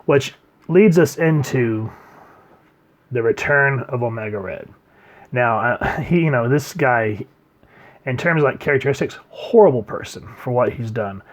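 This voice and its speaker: A man reviewing a comic book in casual chat, rambling and trailing off quietly at the ends of his sentences. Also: lively intonation, unhurried. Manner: rambling, trails off quietly at line ends, reads quotes in a low murmur.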